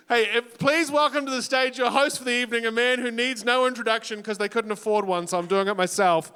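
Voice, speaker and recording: A man's voice: extremely high pitch, fairly even intonation, fast, few pauses, sharp tone, clear, resonant tone. A young man from New Zealand with a New Zealand accent, hosting a college talent show with dry, self-mocking jokes and teasing crowd work. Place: college auditorium stage. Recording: reverberant hall on a PA mic.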